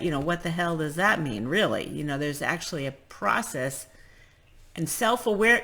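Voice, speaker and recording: A woman speaking as a spiritual teacher in a loose, casual talk. Her voice has a gravelly edge with steady vocal fry, and she speaks frankly and with emphasis, often breaking off and restarting her sentences. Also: deep voice.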